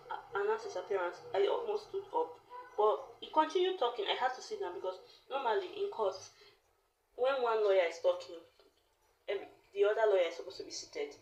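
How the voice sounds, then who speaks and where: A woman's voice: mid-range voice, a little mellow, a little hiss or hum. A young woman with a Nigerian accent telling a personal story in a chatty vlog, acting out bits of dialogue and using local slang. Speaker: lawyer and content creator. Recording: roomy echo, distant from mic.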